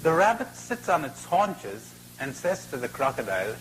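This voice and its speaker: Spiritual speaker telling a fable; expressive, dramatic pauses, mid pitch. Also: male voice, a little hiss or hum, low-quality recording. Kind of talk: storytelling spiritual talk.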